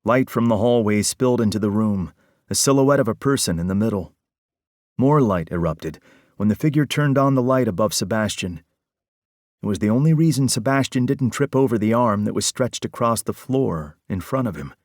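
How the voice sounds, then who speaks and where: A male audiobook narrator with a low voice and measured storytelling delivery. The read is scripted and steady. The sound is dry and close, with no room echo.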